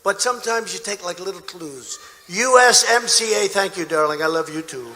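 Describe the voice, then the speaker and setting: A man's voice: sits high, moderate pace. A man giving a boastful, repetitive campaign rally speech with mocking asides in a large indoor arena. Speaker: political candidate speaking at a rally. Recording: echoey arena, crowd noise. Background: cheering crowd.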